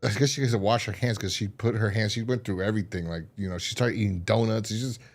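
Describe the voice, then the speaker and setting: Talking fast in a voice on the low side, a co-host of a laid-back review podcast recounts a TV episode in casual chat. His storytelling is lively, with plenty of laughter and impressions of the characters.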